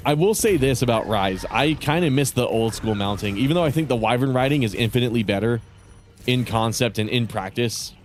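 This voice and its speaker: A young man rambling casually as he streams a game, profane and relaxed, restarting his sentences. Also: medium pitch, brisk, slight background noise. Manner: rambling, profane, laid-back. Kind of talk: casual gaming commentary.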